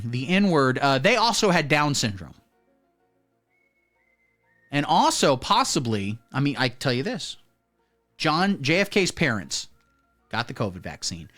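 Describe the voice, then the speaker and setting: Deadpan man with lively swinging pitch. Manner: mock-serious, deadpan delivery with sudden shouted announcements. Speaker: comedy streamer. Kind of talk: satirical comedy monologue.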